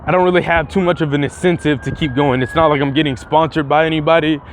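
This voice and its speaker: A young man talks straight to his viewers in a loose, rambling way, cursing freely and tripping over restarts. His voice sits fairly high for a man, and faint background noise runs under it. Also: fairly even intonation, fast talker. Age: young adult. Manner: rambling and profane, with frequent restarts. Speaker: vlogger. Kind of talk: casual vlog commentary.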